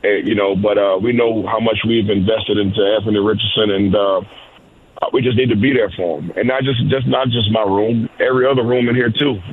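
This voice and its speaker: A man's voice: lowish voice, fairly even intonation, fairly quick, a little hiss or hum. A man, a coach and guest, answering interview questions casually with lots of "you know" and repeated words. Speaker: wide receivers coach, guest. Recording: tinny phone-like line.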